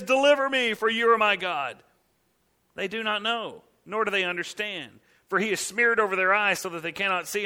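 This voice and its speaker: Male pastor, mid-high voice, bright, lively sermon delivery with folksy asides.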